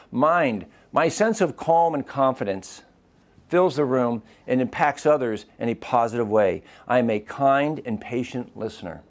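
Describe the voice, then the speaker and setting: Man, physician lecturing, asks audience questions, mid-pitched voice. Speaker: physician giving a talk. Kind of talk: live lecture.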